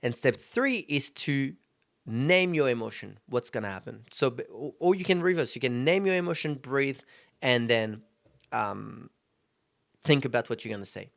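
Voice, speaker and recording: Gravelly-voiced man hosting a solo podcast. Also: mid-range voice, expressive, normal speed, no room sound, clean studio sound. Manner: conversational, self-reflective, frequent fillers. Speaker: podcast host. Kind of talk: casual solo podcast monologue.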